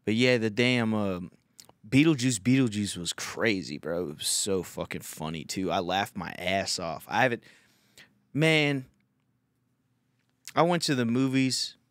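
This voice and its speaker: A man's voice: lowish voice, measured pace, a bit bright, no echo. A young man hosting a podcast, telling a rambling, profane story in casual chat. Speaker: podcast host.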